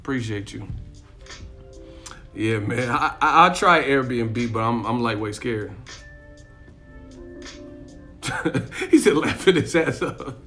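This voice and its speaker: Guy rambling on a live stream, bright voice, laughs a lot, swears, light music behind. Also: mid-range voice, animated, takes it slowly, long pauses. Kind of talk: casual live-stream chat. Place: in Miami.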